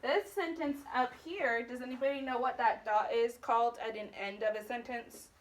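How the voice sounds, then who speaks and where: Brief: woman teacher, high bright voice, coaxing questions to small kids, heard from across a classroom. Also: steady tone, normal speed, recorded from a distance. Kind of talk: phonics lesson to young children. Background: children's voices.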